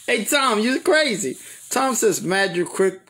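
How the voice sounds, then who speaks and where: A man hosts a live stream and talks straight to his viewers, calling out their names as he goes. His voice sits a little high and his delivery is slow and unhurried. He stays chatty and excited throughout. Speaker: pigeon show host.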